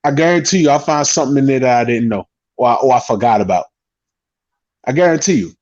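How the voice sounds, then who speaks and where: A man's voice: mid-range voice, lively intonation, fast talker, darkish tone. A man talking casually on a boxing panel, loose and profane, rambling through restarts. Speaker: boxing talk show panelist. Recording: dull lo-fi stream audio.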